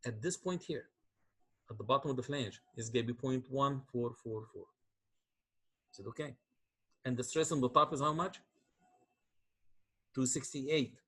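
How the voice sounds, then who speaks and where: A man's voice: mid-range voice, a bit bright, slightly rough. A man teaching a university engineering class, explaining calculations step by step and often checking that students follow. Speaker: engineering lecturer. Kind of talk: university lecture.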